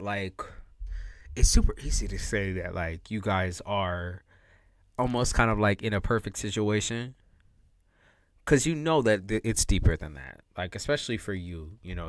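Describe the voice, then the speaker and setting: A man's voice: on the low side, dry recording. A man giving casual, slangy tarot readings on a live stream, laughing often and repeating his points. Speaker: tarot reader.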